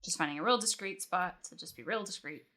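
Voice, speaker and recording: A woman playing a character in a tabletop role-playing game, playful and lively. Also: lowish voice, fast talker. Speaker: player.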